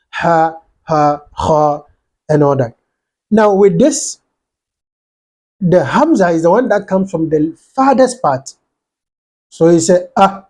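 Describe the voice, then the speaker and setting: A man's voice: high-pitched, dark tone. A man teaching an Arabic grammar lesson, reading short lines from a text and explaining them step by step, now and then drilling letter sounds aloud. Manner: reads short quotes then explains them in simple steps.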